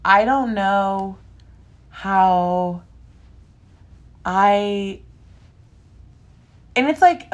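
A young woman in casual podcast chat, her voice sitting on the low side. She rambles and speaks frankly, with lots of fillers. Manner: rambling, filler-heavy, candid. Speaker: podcast co-host.

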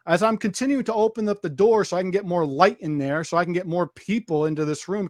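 High-voiced man telling a vivid story. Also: animated, quick pace, hardly any pauses, a little mellow, dry recording, studio quality. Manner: vivid retelling, acting out quoted dialogue; frequent restarts and repeated phrases. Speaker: podcast storyteller. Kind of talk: conversational storytelling on a podcast.

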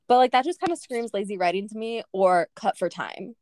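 A woman's voice: mid-range voice, a little fast, no room sound. Chatty young woman reviewing a book. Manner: animated, laughing, many "like" fillers. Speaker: podcast co-host. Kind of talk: casual book-review chat.

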